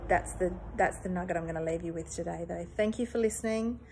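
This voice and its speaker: A woman's voice: fairly low pitch, fast talker, darkish tone. Woman in her 30s talking to camera, earnest and emphatic, swears casually, faint noise behind. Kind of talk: personal reflective monologue.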